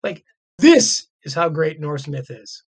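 A man in casual podcast talk, retelling old myths and reading passages aloud, excited, with lots of "like" and "right". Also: on the high side, normal speed, creaky. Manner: excited, laughing, many fillers like "like" and "right".

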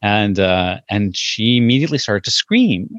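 A man's voice: lowish voice, expressive, fairly quick, no room sound. Man, parenting guest, rambling storyteller, dry muffled audio. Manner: hesitant, many fillers and restarts, storytelling. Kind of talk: casual podcast conversation.

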